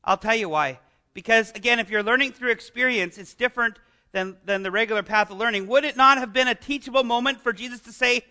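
His voice unusually high for a man, very bright and sharp, a middle-aged pastor delivers a lively, conversational sermon. He keeps throwing rhetorical questions at his listeners and speaks at a quick pace.

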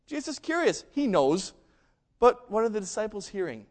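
A man preaching a sermon, telling a story and acting out the quoted lines with big swings between loud and quiet. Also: high-pitched, sing-song, normal speed. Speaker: pastor.

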